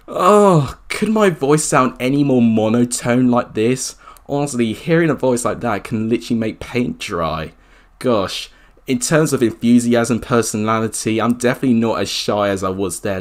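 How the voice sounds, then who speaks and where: A young man around twenty who chats casually while reacting to his old video and pokes fun at himself. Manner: chatty, self-mocking, jumps up in pitch when surprised. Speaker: YouTuber.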